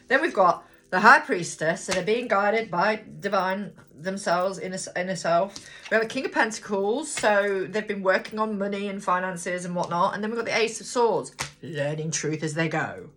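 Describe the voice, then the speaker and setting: A woman tarot reader gives a casual card reading, thinking aloud and talking straight to viewers. Her medium-pitched, fairly bright voice is expressive at a moderate pace, with slight background noise. She's chatty and blunt, and swears freely.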